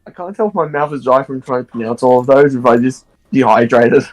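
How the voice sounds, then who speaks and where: A man's voice: medium pitch, brisk. A man in a casual gaming chat with friends, flustered, stammering and swearing. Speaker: friend playing along.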